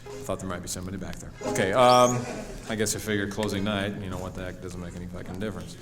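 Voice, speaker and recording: A man's voice: sits low, steady tone, quick pace, echoey room, music in the background. A man performing a live stand-up routine on a comedy club stage, rambling with fillers and working himself into mock anger. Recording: 1970s live vinyl album recording.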